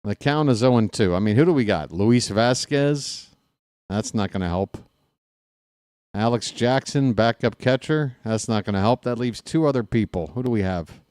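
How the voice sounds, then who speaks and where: A man's voice: mid-range voice, lively intonation, moderate pace, a little mellow, clear, resonant tone, dry recording. A man doing live fan play-by-play of a baseball game, chatty and joking, openly rooting for his team.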